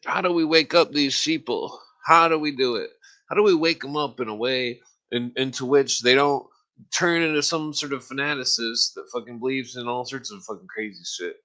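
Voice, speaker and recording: A man hosting a podcast, ranting in a casual, profanity-laced monologue and often clearing his throat. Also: medium pitch, moderate pace, bright, forceful tone. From United States. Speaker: podcast host. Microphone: podcast microphone.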